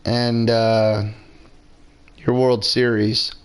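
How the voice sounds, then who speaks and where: A man's voice: medium pitch, little pitch movement, extremely slow, clear, resonant tone. A man giving casual, rambling commentary while playing a video game, swearing freely and several beers in. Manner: rambling, profane, laid-back. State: drinking beer, several drinks in. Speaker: gamer streaming his play.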